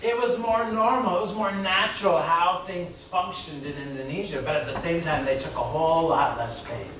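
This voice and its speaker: A man's voice: a little high, normal speed, a bit bright. A middle-aged man from California preaching a sermon as a pastor, talking conversationally and tagging phrases with "right?" and "you know?". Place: church sanctuary. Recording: echoey hall from far off with room noise.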